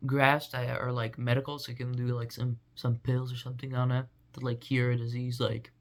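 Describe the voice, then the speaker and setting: A man's voice: medium pitch, little pitch movement, a little fast. Rambling goofy young man. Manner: rambling, filler-heavy, goofy. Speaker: vlogger. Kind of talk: rambling casual monologue.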